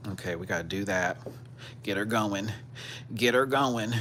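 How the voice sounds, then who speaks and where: A man's voice: lowish voice, measured pace, background noise. A man hosting a casual livestream, chatting and cooing in baby talk at his pets. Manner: sing-song, cooing, animated. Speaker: livestream host.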